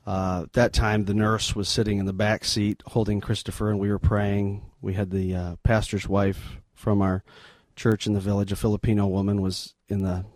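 Man, middle-aged, low voice, dry close sound, earnest halting storytelling, missionary interview guest. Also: flat delivery, darkish tone, dry recording. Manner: earnest, halting, sombre retelling.

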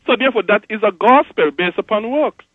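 A man's voice: high voice, lively intonation, brisk, no echo, narrow, tinny audio. Persistent male caller on a dry, phone-thin line. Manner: persistent, builds long chains of if-clauses. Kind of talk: call-in theological debate. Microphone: telephone.

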